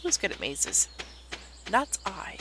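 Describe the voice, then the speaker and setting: Over loud game music and a noisy background, a female streamer talks slowly in a medium-pitched voice that swoops wildly. Her casual gameplay commentary is chatty, with her thinking aloud and correcting herself.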